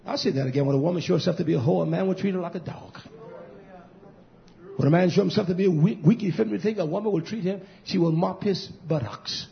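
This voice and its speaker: Male pastor, fiery sermon, shouts then hushes, high voice, dull lo-fi recording. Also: fast talker, gravelly. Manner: swings from shouting to hushed, repetitive preaching.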